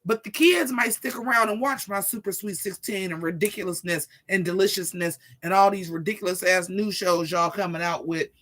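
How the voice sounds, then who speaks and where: A vlogger in their forties ranting casually to viewers in a profane, sassy, animated way. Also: mid-range voice, brisk, hardly any pauses. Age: 40s. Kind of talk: casual rant to camera.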